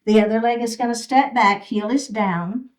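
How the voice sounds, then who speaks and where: A woman leads a chair yoga class, offering encouraging step-by-step cues for each move while sounding a little out of breath. Her voice is on the high side at a moderate pace, and the recording quality is low.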